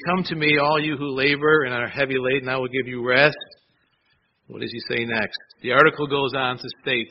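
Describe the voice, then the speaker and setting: A man delivers a sermon in an easy, conversational manner and keeps checking in with his listeners through rhetorical questions. His voice sits at an ordinary middle pitch for a man. The recording sounds a little dull, with faint noise underneath. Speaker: pastor.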